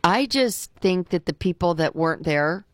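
A radio co-host speaks in a lowish, expressive voice at normal speed, with no room sound. She chats casually on her talk show, airing exasperated, outspoken opinions and repeating herself.

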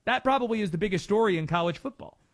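A man's voice: high-pitched, animated, rapid-fire. A man hosting sports talk radio from a studio, driving his points home with rhetorical questions.

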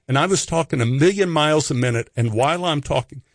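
A middle-aged man telling a story in a radio studio. He is animated and acts out the other voices in his tale. The sound is close and dry, with no room echo. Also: fairly high pitch, fast. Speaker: actor telling stories as a radio guest.

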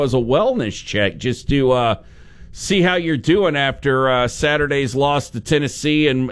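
Higher-voiced male sports radio host. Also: clean tone. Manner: casual, halting, with fillers. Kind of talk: radio interview.

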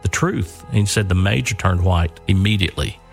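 Gravelly deep-voiced older man telling a story. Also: fairly even intonation, soft background music. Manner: earnest, halting with repeated words. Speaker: son telling his father's war story.

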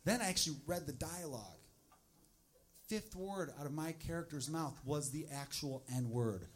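A man's voice: a little high, moderate pace. A man doing stand-up, telling a self-mocking story in a punchy way on a stage mic. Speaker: stand-up comedian. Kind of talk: stand-up routine. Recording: live club audience audible.

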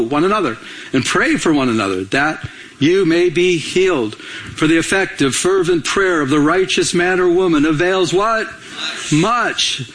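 A male pastor preaching a sermon in an animated way, acting out everyday dialogue and repeating himself as he talks. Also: high-pitched. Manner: animated, acts out quoted dialogue, frequent repetitions.

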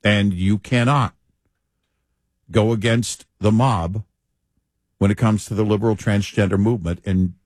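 A man co-hosting a talk show, speaking in a measured, deliberate way with hesitant restarts. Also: lowish voice, steady tone, a little mellow, dry recording. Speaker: co-host. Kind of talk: opinionated talk-show banter.

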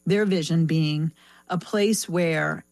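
Representing a foundation in a conversational interview, a woman speaks reflectively, with many restarts and fillers. Her voice is low-pitched, slow, gravelly and darkish in tone, with no echo.

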